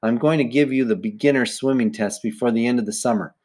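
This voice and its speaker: A man's voice: mid-range voice, quick pace, darkish tone, lightly acted. Patient teenage swim teacher, encouraging, put on by a male reader. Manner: coaxing, encouraging.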